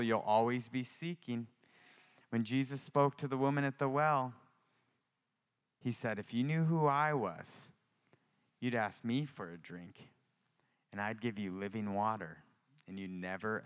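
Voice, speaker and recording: A young man from Louisiana giving an impassioned testimony sermon, rising to loud outbursts and dropping to whispered prayers. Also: on the low side, clear, resonant tone. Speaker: preacher.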